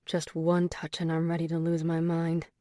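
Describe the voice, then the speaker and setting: Audiobook male lead voiced by a woman: a seductive, assured man, low and murmured. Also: completely flat delivery, moderate pace, warm tone, no room sound, studio quality, close to an everyday voice. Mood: intimate. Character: confident seductive adult man, tender lover.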